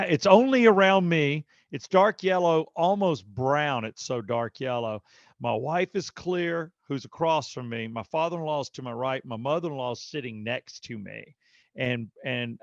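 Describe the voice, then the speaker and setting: On a podcast, a male co-host with a gravelly, creaky voice on the high side tells a casual story at normal speed, giving each person in it an animated voice as he leans into the quotes. The sound is dry and a little dull, with no room sound.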